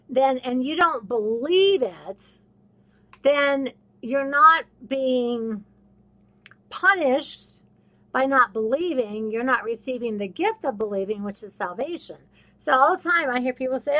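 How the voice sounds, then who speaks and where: Preaching to her audience on a casual faith podcast, the host repeats herself for emphasis and slips into other people's voices. Her high voice is animated, pushed and bright, and she talks a little slowly.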